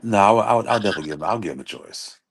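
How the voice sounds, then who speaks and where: A man's voice: lowish voice, very fast, slightly rough. A man co-hosting a casual livestream chat, laid-back and laughing often. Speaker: livestream co-host.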